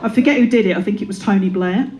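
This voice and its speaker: A woman's voice: medium pitch, rapid-fire, very noisy. A woman in her thirties performing a stand-up comedy set, playful and self-deprecating, slipping into silly voices. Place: comedy club before a live audience. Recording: live room with audience laughter.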